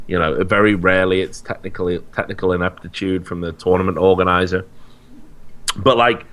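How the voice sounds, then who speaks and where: A man's voice: deep voice, bright, forceful tone. A man who is a guest on a podcast, speaking bluntly and emphatically in profane, casual banter.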